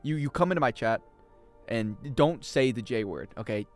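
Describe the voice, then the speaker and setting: Animated joking man streaming a game. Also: mid-range voice, normal speed, soft background music. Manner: joking, swings between loud outbursts and mumbled asides. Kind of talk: casual livestream chat while gaming.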